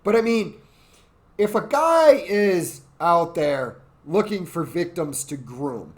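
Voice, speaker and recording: A man's voice: on the high side, expressive, takes it slowly. Rambling, crude tipsy man ranting. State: drunk. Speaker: podcast host. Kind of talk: drunken political rant.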